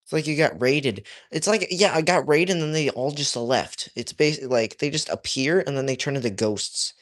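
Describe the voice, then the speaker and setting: A man's voice: a little high, moderate pace. Jokey young man streaming while drawing. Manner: reads chat aloud, jokey, drifts loud to mumbling. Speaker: livestreaming artist. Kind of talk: casual livestream chat while drawing.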